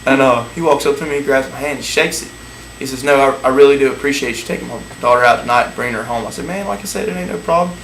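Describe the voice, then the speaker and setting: A man spins a crude, profane date story in a relaxed drawl, often breaking into laughter at his own punchlines. His voice rings in an echoey room with a faint hiss under it. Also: mid-range voice, quick pace, vocal fry.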